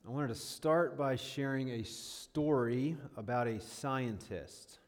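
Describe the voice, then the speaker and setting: A man's voice: medium pitch, takes it slowly. Male guest speaker, 30s, mid-range voice, casual and self-deprecating, long hall reverb. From northern New York State. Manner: chatty and self-deprecating, lots of fillers and checks. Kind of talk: casual sermon-style talk.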